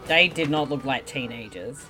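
A podcast co-host talking casually about movies, dry and sarcastic in tone. The voice is bright and sits at a middle pitch. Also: lively intonation, normal speed, soft background music.

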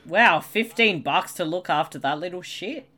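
A woman's voice: lowish voice, animated, normal speed, bright, forceful tone. A woman giving casual, bemused commentary on a movie, swearing freely and laughing often. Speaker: co-host. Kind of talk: movie watch-along commentary.

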